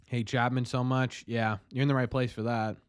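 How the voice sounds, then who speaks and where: Speaking in a medium, flat voice at normal speed, this young podcast host chats with live-stream viewers and reads their messages during casual game commentary. He rambles in exasperated bursts and keeps restarting, and the sound is smooth, clean studio audio with no room tone.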